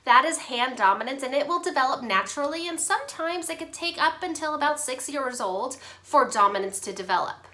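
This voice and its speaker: A woman's voice: sits high, lively intonation, a little fast, hardly any pauses, pushed and bright. A woman occupational therapist giving upbeat, playful teaching tips to parents and teachers, at times chatting with a hand puppet. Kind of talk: instructional talk to parents and teachers.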